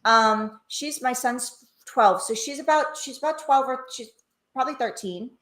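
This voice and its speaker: A woman guest in an online interview, chatting in a warm, gushing way. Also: high voice, moderate pace. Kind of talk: virtual interview chat. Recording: echoey room.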